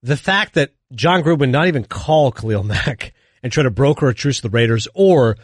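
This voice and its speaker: A man co-hosting a sports radio show, animated and jokey, chiming in with quick agreement and station breaks. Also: mid-range voice, no room sound, clean studio sound. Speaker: fill-in sports radio co-host. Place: radio studio.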